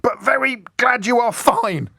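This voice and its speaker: A man voicing a self-important male politician who rants indignantly by text, in a high, shrill, aggrieved tone. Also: expressive, measured pace, vocal fry, pushed and bright, breathy edge, dry recording, clean studio sound, full character voice. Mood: huffy.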